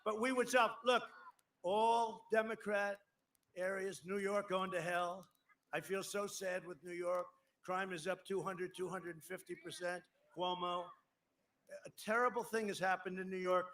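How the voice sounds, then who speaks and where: A man's voice: high voice, steady tone, normal speed, fairly bright tone. A man in his seventies giving a rambling, emphatic campaign speech outdoors on a podium microphone, with asides to the crowd. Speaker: politician at a campaign rally. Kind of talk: rally speech. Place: outdoor rally at an airport. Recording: outdoor live broadcast with faint crowd noise.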